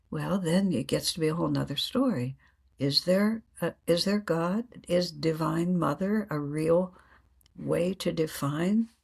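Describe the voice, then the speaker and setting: Husky-voiced woman telling spiritual stories. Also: lowish voice, a little mellow. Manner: earnest, laughs often, acts out inner dialogue. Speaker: guest. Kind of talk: reflective spiritual storytelling.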